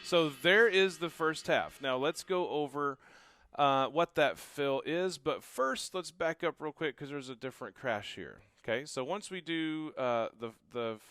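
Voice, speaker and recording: A man teaching a drum lesson, calling out each drum hit loudly and dropping to quieter, casual asides between demonstrations. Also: a little high, unhurried, background noise. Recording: loud drum kit and music behind. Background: drum kit playing.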